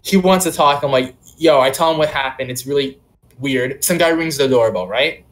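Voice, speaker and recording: A man's voice: mid-range voice, normal speed. A young man casually telling a long personal story on a podcast, full of "like" and "um" fillers. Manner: rambling, many "like" and "um" fillers. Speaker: podcast co-host.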